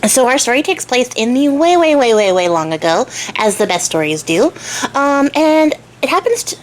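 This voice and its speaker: A young woman retells a folk tale in a chatty, irreverent vlog style, full of joking asides. Her voice sits a little high. Faint noise runs underneath. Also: sing-song, moderate pace. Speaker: storyteller and craft channel host. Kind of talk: casual storytelling vlog.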